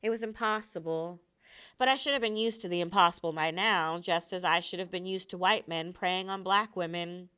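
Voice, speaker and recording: A woman teacher reading a novel aloud to her students with steady, expressive storytelling. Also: lowish voice, normal speed, smooth.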